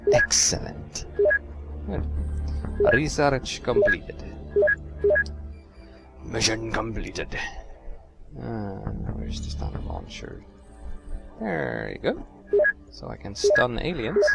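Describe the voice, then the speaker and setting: A man commentating as he plays a strategy game, sarcastic and talking to himself. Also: creaky. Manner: sarcastic, talks to himself, wild swings in pitch. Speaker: let's play host. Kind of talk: casual gameplay commentary.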